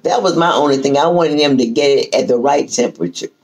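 A woman's voice: a bass voice, poor audio. An older woman, telling a family story in casual talk and acting out her relatives' lines. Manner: lively, drawn-out, acts out quoted relatives. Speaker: storyteller guest.

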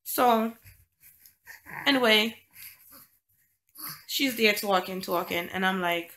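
A woman's voice: medium pitch, takes it slowly, bright, forceful tone. A woman vlogging about a conflict, indignant and emphatic, pressing home her point with repeated rhetorical questions. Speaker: single mom vlogger. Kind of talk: indignant storytime vlog.

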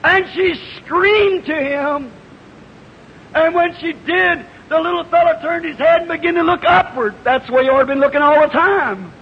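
This is a man with a strikingly high voice, preaching a fervent revival sermon in a large hall. The old recording is muffled and hissy, and his words echo through a long reverb. He moves from easy storytelling to impassioned shouting. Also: normal speed. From United States. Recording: lo-fi 1950s hall recording with hiss.

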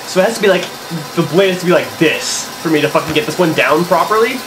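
Talking fast in a fairly high voice over background noise, this young gaming commentator narrates his let's-play casually. He grumbles to himself and curses frequently when frustrated.

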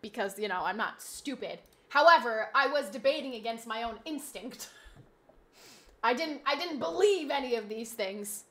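A woman streaming a game, chatting casually with her audience, reading chat aloud and slipping into animated, mock-indignant rants. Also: on the high side, moderate pace. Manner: chatty, reads chat aloud, laughs easily. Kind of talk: casual live-stream chat while gaming.

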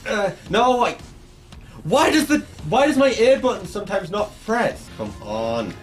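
This gaming YouTuber is a young man who gets frustrated during his let's play, cursing and yelling at the game. He speaks a little slowly in a high, sing-song voice, and faint music plays underneath.

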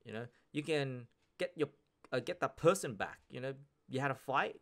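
A man's voice: medium pitch, animated, moderate pace, vocal fry, a bit bright. A man hosting a podcast, ranting in a casual monologue, swearing and repeating himself as he presses his points. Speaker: podcast host.

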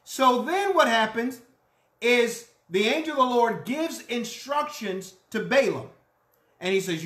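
A pastor preaching a sermon, telling a story in an animated way and acting out the characters' lines. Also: medium pitch, slow pace, roomy sound. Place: church.

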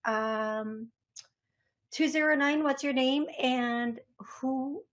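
Woman hosting a radio call-in show, a bit high voiced, chatty and self-deprecating, studio mic. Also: drawn-out words. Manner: repeats key phrases for emphasis. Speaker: psychic medium radio host.

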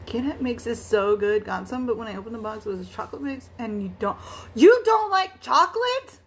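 A woman's voice: fairly high pitch, animated, a little fast. A woman hosting a casual live stream while she crafts. She chats in a bubbly way, greets viewers by name and laughs often.

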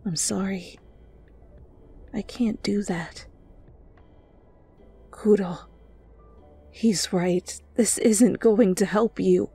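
A worried friend pleads softly in a whispered role-play, as a woman puts her on. The voice is husky, slow and hushed. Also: mid-range voice, steady tone, soft background music, exaggerated voice. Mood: pleading.

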